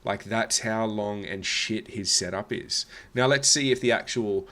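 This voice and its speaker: A man's voice: fairly low pitch, measured pace, a bit bright. An Australian man hosting a reaction video with blunt, scornful, sarcastic commentary.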